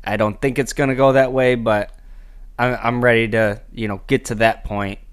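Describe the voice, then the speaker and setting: A man co-hosting a casual sports podcast, talking in a measured, easygoing way. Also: medium pitch, steady tone, clear, resonant tone. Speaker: podcast co-host.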